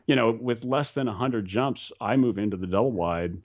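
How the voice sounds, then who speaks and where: A man casually telling skydiving stories, animated and swearing, often restarting and mimicking other people. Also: medium pitch, moderate pace, muffled recording. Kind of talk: casual storytelling.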